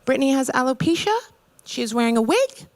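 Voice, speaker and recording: A woman's voice: high-pitched, sing-song, quick pace, voice pushed up. Woman doing a bossy, officious group leader.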